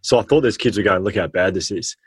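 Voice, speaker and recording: An Australian man, a former teacher, telling stories with animated, slangy energy in an interview. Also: deep voice, fast, slightly rough, dry recording. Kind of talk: storytelling in a podcast interview.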